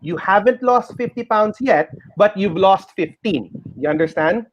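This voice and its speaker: A middle-aged man with a Filipino accent explaining a tarot reading on the radio in an animated, reassuring way. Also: sits high, unhurried. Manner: animated, reassuring, mixes in Tagalog phrases. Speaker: tarot reader guest. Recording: dull lo-fi radio sound.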